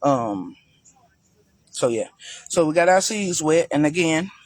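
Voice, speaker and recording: A man's voice: fairly high pitch, expressive, slow pace, dry recording. A man giving a casual, chatty walk-through of his garden for viewers, talking loosely and calling them y'all. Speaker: gardening vlogger. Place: outdoor garden.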